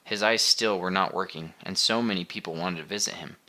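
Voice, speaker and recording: This is scripted audiobook narration by a man whose voice sits low, delivered evenly and deliberately.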